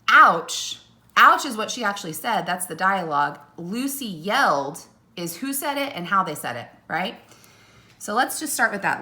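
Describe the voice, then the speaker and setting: A woman's voice: medium pitch, a bit bright. A woman teacher giving a recorded video lesson to young students, explaining step by step and often checking in with "okay?" and "right?".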